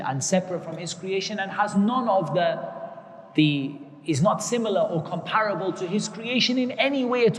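A man's voice: fairly high pitch, in a large hall. A man giving an explanatory religious lesson, patiently repeating key terms and working Arabic terms into his English. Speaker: religious teacher.

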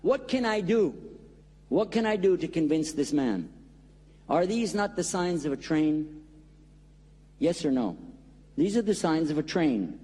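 A man preaches in an earnest, pleading way and stretches out the words he wants to land. His voice is husky and a bit high for a man. It carries through a large hall with a long echo. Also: expressive, mellow. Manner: earnest, pleading, drawn-out emphasis. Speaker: Muslim preacher. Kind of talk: preaching talk with acted-out story.

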